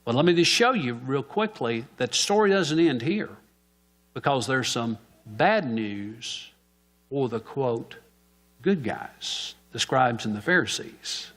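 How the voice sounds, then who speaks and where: A man's voice: medium pitch, lively intonation, slow, fairly bright tone. A man preaching a sermon in church, asking the congregation questions and answering them himself.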